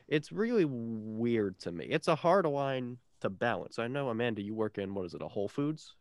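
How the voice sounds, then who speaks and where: A man's voice: mid-range voice, sing-song, moderate pace, few pauses, no room sound, studio quality. A young man co-hosting a college radio show, chatting casually and making teasing jokes. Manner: joking, teasing. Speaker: radio co-host.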